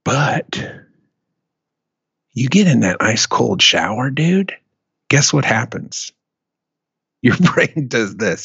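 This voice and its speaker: A man hosting a casual talk show, telling a profane, animated story in a rant. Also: mid-range voice, a little slow, long pauses, breathy edge, dry recording, muffled recording. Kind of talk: casual chat.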